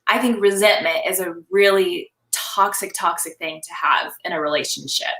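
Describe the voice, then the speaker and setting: A young woman with a bright, forceful voice talks in a lively, animated way and keeps breaking into laughter. She acts out short scenes as she chats. The sound carries some room echo. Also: on the low side, normal speed. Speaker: confidence coach, guest. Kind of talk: casual live-stream chat.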